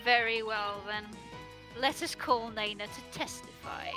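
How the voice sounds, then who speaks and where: Measured, slightly high woman. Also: fairly even intonation, over music. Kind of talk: group fan dub of a game.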